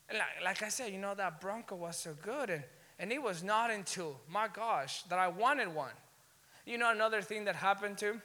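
A male pastor preaching an energetic sermon to a college crowd, telling stories with rising excitement and bursts of shouting. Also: sits high. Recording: long hall reverb.

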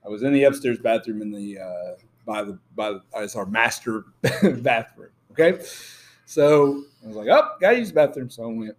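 A man's voice: on the low side, moderate pace. A man co-hosting a podcast, telling a story in a giggly way with frequent laughter. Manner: giggly, animated storyteller who laughs often. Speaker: podcast co-host. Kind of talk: casual storytelling.

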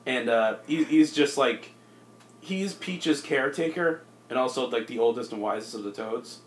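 A man co-hosting a casual comedy podcast, rambling through a movie pitch with lots of fillers. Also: animated, moderate pace, slight background noise. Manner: rambling, filler-heavy, jumps into silly voices. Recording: echoey room.

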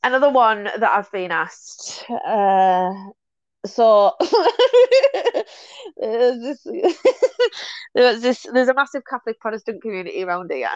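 A woman's voice: fairly high pitch, slow, long pauses, dry recording. A woman, a guest in a casual conversation, telling stories with frequent laughs and restarted phrases. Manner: chatty, animated storyteller who laughs often and restarts phrases. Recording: dull, dry lo-fi sound.

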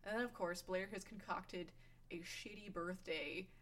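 A woman in casual chat recapping a TV show, animated and laughing, acting out quotes. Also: on the low side, measured pace. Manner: animated, laughing, acts out quotes in funny voices.

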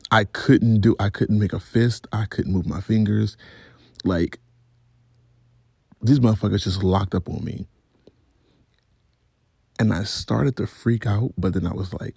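A low, gravelly male voice tells a story in a loose, profane, rambling style. The tone is dark and very husky, and it sounds dry and close with no room echo. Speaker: vlogger. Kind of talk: casual storytelling.

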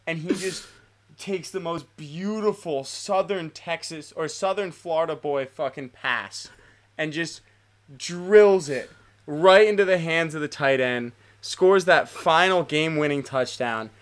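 A young man in his twenties rants through a sports story on a casual podcast, animated and profane. His voice sits somewhat high for a man, and he builds each point up with swearing for emphasis. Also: unhurried. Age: 20s. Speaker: podcast co-host.

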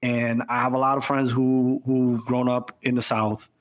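A man's voice: medium pitch, level tone, normal speed. A man in a casual podcast chat, arguing his point emphatically and insistently. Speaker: podcast co-host.

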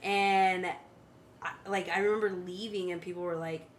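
A woman hosting a podcast, telling stories in a lively, casual conversational way. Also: fairly low pitch, moderate pace, a little hiss or hum. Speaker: podcast host.

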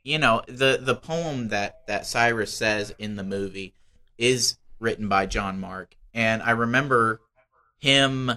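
Podcast dude with a bright, sharp voice, telling a story, lots of restarts. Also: male voice, medium pitch. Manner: storytelling, halting, many restarts. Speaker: podcast co-host. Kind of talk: casual chat.

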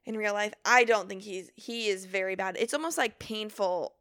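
A young woman co-hosting a podcast, chatting in a lively way and acting out quoted lines as she goes. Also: mid-range voice, clean tone, dry recording, clean studio sound. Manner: chatty, animated, quick quoted asides. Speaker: podcast co-host. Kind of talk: casual chat.

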